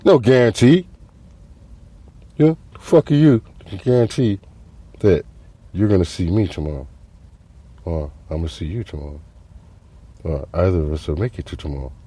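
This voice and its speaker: A man's voice: on the low side, no echo. A man hosting a podcast, delivering a profane comedic monologue, acting out quotes and laughing at his own jokes. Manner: animated, swings loud and soft, acts out quotes. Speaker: podcast host.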